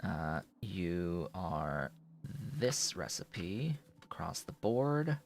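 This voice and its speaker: A man's voice: low voice, very animated, drawn-out words, gravelly, slight background noise. A man streaming a building game, thinking aloud in casual commentary as he works.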